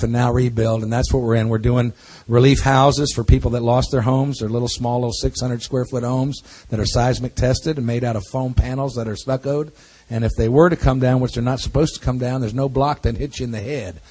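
Husky, folksy man preaching. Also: mid-range voice, fairly even intonation, normal speed, few pauses, a little mellow. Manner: folksy, jokey storytelling with laughs. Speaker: pastor. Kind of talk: church talk to a congregation.

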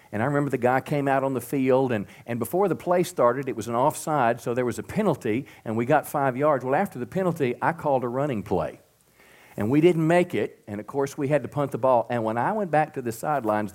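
A middle-aged man preaching to a church congregation, swinging from loud emphatic peaks to soft drops and calling out to the crowd for responses. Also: medium pitch. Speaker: pastor. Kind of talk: sermon. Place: church sanctuary.

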